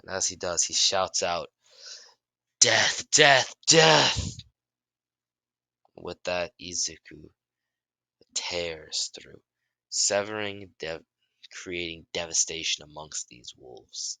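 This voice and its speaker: A man improvising a fan story in halting narration, often restarting his sentences and shouting out the characters' lines. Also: deep voice, no room sound. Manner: halting, many restarts and self-corrections; bursts into loud shouts for dialogue.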